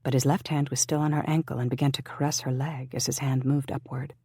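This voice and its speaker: An audiobook narrator reading a historical romance in an even, measured way. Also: medium pitch, breathy edge, dry recording, clean studio sound.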